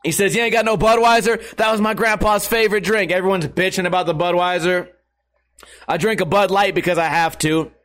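A man's voice: high-pitched, fairly even intonation, fairly quick, fairly bright tone. A man hosting a podcast, telling a story in a casual, profane way and laughing often. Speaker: podcast host.

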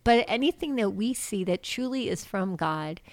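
A woman's voice: mid-range voice, expressive, normal speed, no room sound, studio quality. A woman telling a faith story on a video call, acting out what people said and laughing often. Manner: acts out quoted voices, laughs often. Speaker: guest. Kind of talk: animated faith testimony.

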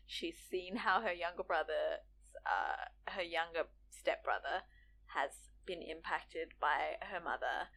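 A woman's voice: lowish voice, slow, gravelly, fairly bright tone, a little hiss or hum. A woman co-hosting a podcast in casual chat, enthusiastic and chatty. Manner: enthusiastic, chatty, lots of fillers. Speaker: podcast co-host.

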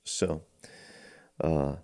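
A man co-hosting a faith podcast as its pastor, reading and explaining scripture in a relaxed, conversational way and thinking aloud as he goes. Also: very deep voice, very slow, creaky. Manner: conversational, thinks aloud, acts out quoted lines.

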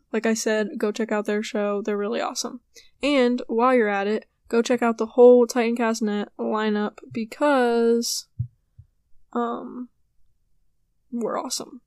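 A woman's voice: a little high, level tone, unhurried, darkish tone, no echo, clean studio sound. Sleepy, chatty young woman. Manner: chatty, rambling, yawning and apologizing. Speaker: podcast host. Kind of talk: casual solo podcast chat.

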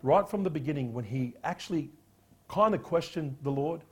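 Husky guy preaching a sermon, lots of questions to the crowd, goes soft on the serious bits. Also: a little high, moderate pace. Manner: animated preaching, rhetorical questions, drops quiet on solemn points. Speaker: pastor.

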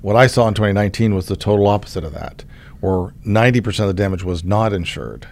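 A middle-aged man from Oklahoma hosts a conversation as the state insurance commissioner and tells a story in a relaxed way, often restarting his sentences. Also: on the low side, quick pace. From Oklahoma, USA. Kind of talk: casual conversational interview.

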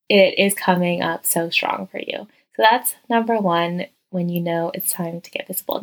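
A woman hosting her own podcast from a guest bedroom, talking casually and warmly into a close mic, full of "like" fillers and slipping into soft whispers. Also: mid-range voice, low-quality recording. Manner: heartfelt, chatty, many "like" fillers, dips into whispers. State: teary-eyed. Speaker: podcast host and coach. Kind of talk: casual solo podcast talk. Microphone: close podcast mic, crouched over it.

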